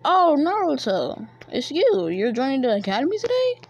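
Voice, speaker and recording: A woman voicing a friendly male ninja teacher, upbeat and a bit higher than her own voice. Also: wildly swooping pitch, normal speed, lo-fi sound, a little hiss or hum, full character voice.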